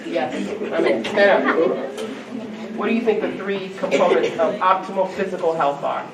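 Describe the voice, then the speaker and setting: A woman giving a lively keynote talk to young people, coaxing them to answer and quizzing the crowd. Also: fairly low pitch, moderate pace, vocal fry. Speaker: keynote speaker. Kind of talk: interactive talk to a youth audience. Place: large hall with an audience. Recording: echoey hall from far off, crowd.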